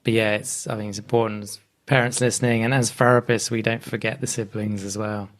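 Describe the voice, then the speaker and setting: A man hosting a podcast interview, relaxed and a little hesitant, with plenty of ums as he asks questions. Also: fairly low pitch, a little fast. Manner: relaxed, hesitant, many fillers. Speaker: podcast host.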